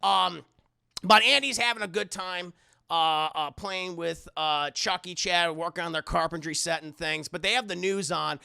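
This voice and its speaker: A young man casually recapping a horror film live, animated and profane, chatting to his viewers on a close mic. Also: high voice, normal speed, vocal fry, clear, resonant tone, no room sound. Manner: animated, profane, talking to chat. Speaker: streamer and film reviewer.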